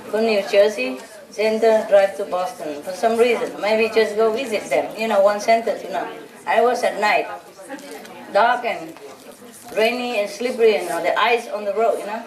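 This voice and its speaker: A woman spiritual teacher giving an informal, teasing talk to a group of followers, laughing often. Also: medium pitch. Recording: roomy hall, voice from a distant mic. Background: audience laughing.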